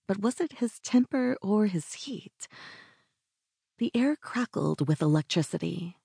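Low, gravelly woman narrating romance. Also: mellow, no echo, clean studio sound. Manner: intimate and breathy, dropping to whispers. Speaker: audiobook narrator. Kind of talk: first-person romance audiobook narration.

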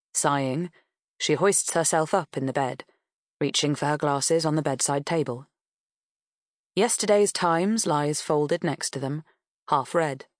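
In a measured, even storytelling manner, a deep-voiced woman reads an audiobook. The recording is dry and clean, studio quality.

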